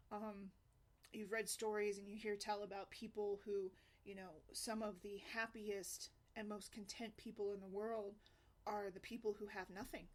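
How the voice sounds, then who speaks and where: A woman talking earnestly in a casual vlog, conversational and often asking "right?". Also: mid-range voice. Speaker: single mom blogger.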